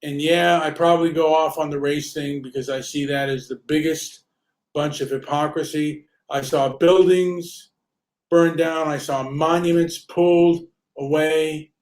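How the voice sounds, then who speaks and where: A man's voice: on the high side, steady tone, darkish tone. Rambling, swearing man in an echoey room. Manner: rambling, swearing, halting repetitions. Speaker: host. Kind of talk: casual ranting video chat.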